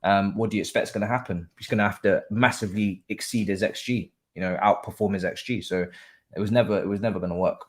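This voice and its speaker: A man, a guest pundit in casual football chat, animated and repeating phrases with frequent ums. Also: on the low side, fast talker.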